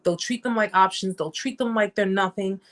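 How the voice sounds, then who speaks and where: A woman hosting a live chat, speaking at a middle pitch in a casual, unscripted way. She reads viewer comments aloud and answers them directly. She repeats her points for emphasis. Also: moderate pace. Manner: emphatic, repeats phrases, talks straight to viewers.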